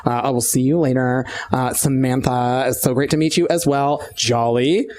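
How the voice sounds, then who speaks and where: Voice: mid-range voice, steady tone, moderate pace, a little mellow, slight background noise, close to an everyday voice. A game master voicing a bubbly young elf woman who works as a talent agent and gushes, saying "like" a lot. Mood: gushing. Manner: gushing, says "like" a lot.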